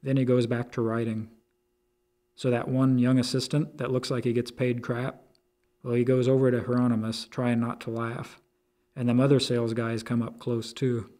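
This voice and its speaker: A man narrating a story aloud in crude street slang with a deadpan delivery. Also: mid-range voice, normal speed.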